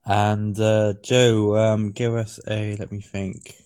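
Flat-voiced man hosting a chat. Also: lowish voice, slow pace. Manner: hesitant, trailing off mid-sentence. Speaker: podcast host. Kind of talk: casual chat.

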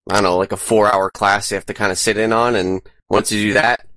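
A man with a lowish, bright, forceful voice explains something earnestly and hesitantly, stumbling over his words and repeating them. The recording is dry and close. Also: little pitch movement, fairly quick, no room sound. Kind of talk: casual group chat.

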